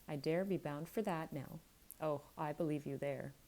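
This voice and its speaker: A woman's voice: sits low, moderate pace, mellow, low-quality recording. A woman voicing a spiteful young man who sneers and speaks bitterly, in a bedtime storybook reading. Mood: sneering. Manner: sneering, defiant.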